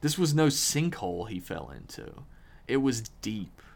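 A man hosting a podcast, reading a horror story aloud with measured, dramatic pauses. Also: mid-range voice, big pitch swings, creaky.

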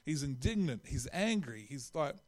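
Male preacher, slightly high voice, casual sermon delivery. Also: very animated, normal speed, darkish tone. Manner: conversational, with frequent restarts and acted-out quotes.

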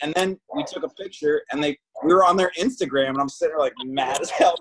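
A man's voice: on the high side, quick pace, hardly any pauses, poor audio. A man in casual chat, telling stories animatedly and acting out both sides of the exchanges.

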